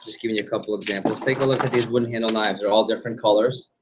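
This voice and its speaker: A man running a sales training class, animated and quizzing the group with questions. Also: fairly low pitch, racing, heavy background noise. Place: training room. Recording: dull lo-fi recording.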